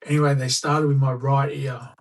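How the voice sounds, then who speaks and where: A man's voice: mid-range voice, little pitch movement, moderate pace, gravelly, far from the mic, rough recording. A middle-aged Australian man telling a personal story as a podcast guest, chatty and anecdotal, acting out what people said. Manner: chatty anecdotal, acts out quoted dialogue. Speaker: guest, school staff member. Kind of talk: casual storytelling in a podcast interview.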